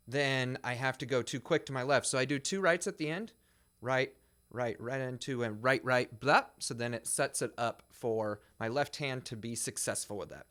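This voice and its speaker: A man's voice: mid-range voice, a bit bright. A male percussion teacher with a Midwestern American accent, explaining audition excerpts and counting and scatting rhythms aloud. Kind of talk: instructional demonstration.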